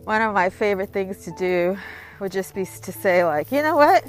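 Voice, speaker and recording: A woman's voice: medium pitch, steady tone, moderate pace, faint music behind. A woman giving casual advice in a rambling, conversational monologue full of fillers.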